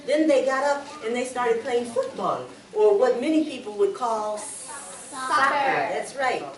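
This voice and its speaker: A woman's voice: on the high side, a little slow. A woman telling a children's story to a library audience, switching between two languages and getting listeners to call out answers. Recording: echoey room recorded from far off. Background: audience of children responding.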